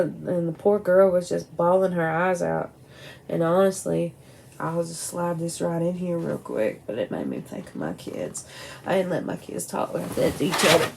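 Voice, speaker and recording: Gravelly, candid woman rambling casually. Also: fairly low pitch, darkish tone, a little hiss or hum, rough recording. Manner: candid, rambling, blunt with swearing. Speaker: vlogger. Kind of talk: casual personal talk to camera. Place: at home by a window at night.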